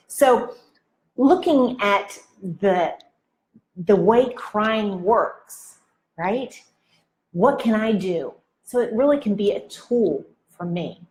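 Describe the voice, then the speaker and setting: A married woman giving a devotional talk to women. She speaks deliberately, poses reflective questions and often adds "right?". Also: fairly high pitch, darkish tone. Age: married adult. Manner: slow and deliberate, with frequent "right?" tags; asks the listener reflective questions.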